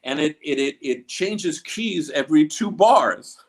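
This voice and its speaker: A man's voice: on the high side, lively intonation, measured pace. A man being interviewed about his music, talking in a rambling way with many fillers and restarts. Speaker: guest musician. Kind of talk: casual interview.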